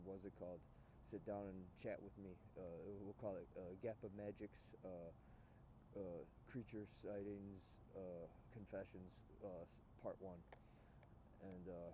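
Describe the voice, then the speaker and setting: A man's voice: deep voice, background noise. A man telling a rambling story for his vlog outdoors, swearing oaths and restarting his sentences over and over. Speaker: vlogger. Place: outdoors in snow.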